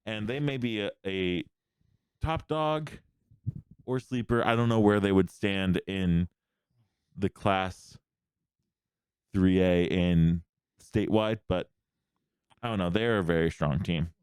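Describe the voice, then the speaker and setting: Sports podcast host, man, low voice, smooth and dry, rattles through scores casually. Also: darkish tone, no room sound. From Pennsylvania. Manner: quick, rambling recap of scores.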